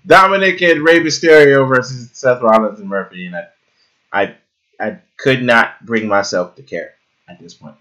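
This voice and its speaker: A man's voice: mid-range voice, moderate pace. A young man co-hosting a casual podcast chat, swearing and joking with friends. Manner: animated, swearing, jokey impressions. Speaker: podcast co-host.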